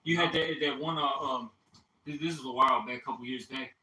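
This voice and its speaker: A man in a casual group chat, talking in an animated way with lots of swearing, fillers and restarts. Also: medium pitch, fairly quick. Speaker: group discussion member. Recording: echoey room, far from mic, faint hiss.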